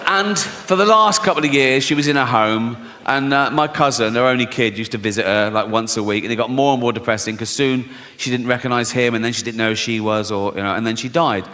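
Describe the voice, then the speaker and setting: Bright-voiced man doing stand-up in a hall. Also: mid-range voice, brisk. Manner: conversational storytelling, swearing, acting out quoted voices. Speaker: stand-up comedian. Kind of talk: stand-up comedy routine. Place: large theatre with audience. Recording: live stage mic in reverberant hall. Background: audience laughter.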